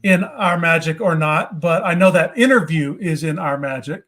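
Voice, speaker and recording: A man co-hosting a podcast who makes easygoing, relaxed remarks in casual chat. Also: fairly high pitch, normal speed.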